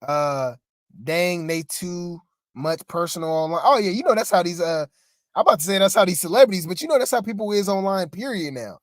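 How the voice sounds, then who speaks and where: A rambling, exasperated co-host talks through celebrity gossip in a loose, chatty way, often turning to the listeners. The voice sits in a middle pitch. The sound is dry and close, with no room around it. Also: expressive, a little fast, no echo. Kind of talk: casual gossip commentary.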